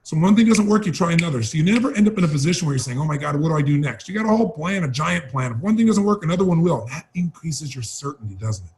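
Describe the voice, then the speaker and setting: Fast, high-voiced man giving a pep talk. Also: animated, darkish tone. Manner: emphatic, urgent, repeats key phrases. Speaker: motivational speaker. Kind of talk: motivational training talk.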